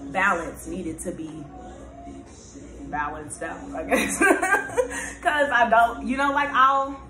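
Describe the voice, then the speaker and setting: A woman's voice: mid-range voice, a little hiss or hum. A young woman vlogging in a casual, candid monologue, rambling with lots of fillers and often laughing. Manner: laughs often, turns loud and animated when excited. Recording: echoey room.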